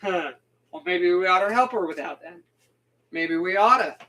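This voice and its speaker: A man's voice: high voice, moderate pace, bright, forceful tone, distant mic, rough recording. A man quoting a weary middle-aged dad. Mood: musing.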